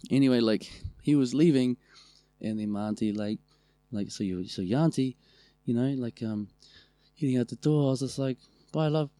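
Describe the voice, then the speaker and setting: A man with a New Zealand accent, co-hosting a podcast and telling family stories in a loose, animated way, with a lot of swearing. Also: medium pitch, normal speed, dry recording, soft background music. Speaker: podcast co-host. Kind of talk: casual storytelling chat.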